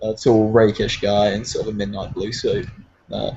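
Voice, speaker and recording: A man's voice: lowish voice, little pitch movement, normal speed, a little mellow, slightly rough, muffled recording. A man with a British accent narrating as game master, rambling with many fillers.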